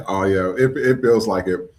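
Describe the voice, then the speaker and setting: Male podcast host, lowish voice, casual and upbeat, lots of "uh"s. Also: measured pace. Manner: upbeat, chatty, many fillers. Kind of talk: casual live-stream chat.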